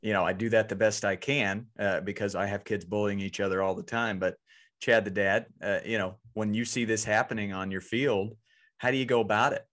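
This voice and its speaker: A man's voice: lowish voice, steady tone, a little fast, a bit bright. A man hosting a podcast and coaching youth baseball, talking earnestly and often repeating words as he goes. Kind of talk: casual podcast conversation.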